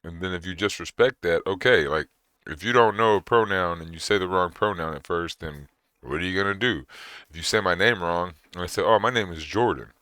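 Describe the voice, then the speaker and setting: A man with a very deep voice whose words mush together, rambling through casual reaction commentary and acting out little exchanges. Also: brisk, pushed and bright, dry recording, studio quality. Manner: rambling, conversational, acts out quoted exchanges.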